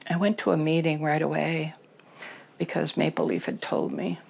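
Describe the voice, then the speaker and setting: A woman's voice: deep voice, fairly even intonation, moderate pace, creaky, a little mellow, slight background noise. A middle-aged woman telling her personal recovery story in an interview, candid and emotional, with many fillers.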